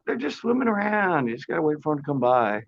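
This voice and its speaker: A man's voice: a little high, big pitch swings, fast, vocal fry. Joking man on a lo-fi live stream. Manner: joking, sarcastic, laughs often. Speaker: host of a live fishing stream. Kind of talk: casual live-stream chat, reading comments. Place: outdoors on his porch.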